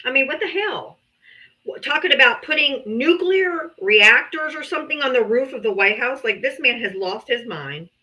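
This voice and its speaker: Blunt, bright-voiced woman streamer. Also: high voice, animated, normal speed, rough recording. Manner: blunt, profane and exasperated. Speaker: livestream debate host. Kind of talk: casual livestream talk.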